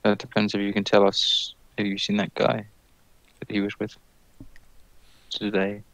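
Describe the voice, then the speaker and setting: Low, flat, gravelly male player; dry close sound, matter-of-fact. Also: normal speed, no echo, poor audio. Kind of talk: playing a tabletop game.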